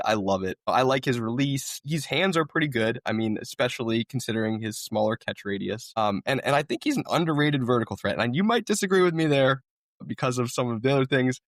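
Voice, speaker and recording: A man's voice: mid-range voice, no room sound, clean studio sound. A man co-hosting a podcast, in casual, enthusiastic chat full of "like" and "I mean". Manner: enthusiastic, uses many fillers like "I mean" and "like". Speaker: podcast co-host.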